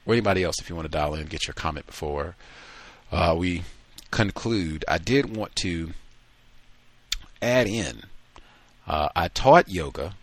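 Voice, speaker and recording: A man hosting a call-in talk show, reading a passage aloud and then chatting in relaxed asides. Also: low-pitched, unhurried, long pauses, no echo. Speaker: radio talk show host.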